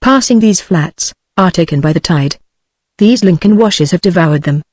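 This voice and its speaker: A synthetic text-to-speech voice of a woman with a British English accent, reading the part of a bold, blunt male soldier of royal blood in a flat, unvaried way. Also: on the low side, moderate pace, no echo.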